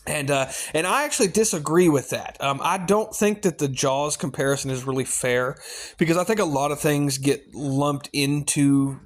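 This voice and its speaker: A man's voice: fairly high pitch, moderate pace. A middle-aged man hosting a film review show, talking casually and rambling with lots of fillers and restarts.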